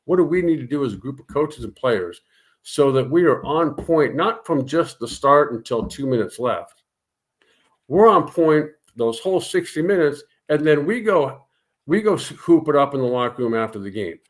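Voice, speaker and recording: A man co-hosting a casual sports talk show, laying out his points in a measured way and ending them with short, firm sentences. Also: fairly high pitch, lively intonation. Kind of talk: casual sports radio chat.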